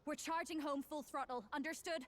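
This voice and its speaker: Brash young warrior woman, high voice, commanding. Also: steady tone, a little fast, fairly bright tone. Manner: commanding, blunt.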